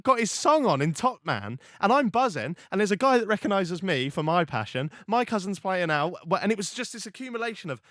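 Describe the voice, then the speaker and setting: A man's voice: high-pitched, sing-song, fairly quick, few pauses, fairly bright tone, dry recording, studio quality. A young man hosting a podcast, telling stories animatedly with swearing and many restarts. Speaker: podcast host. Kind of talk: casual podcast chat.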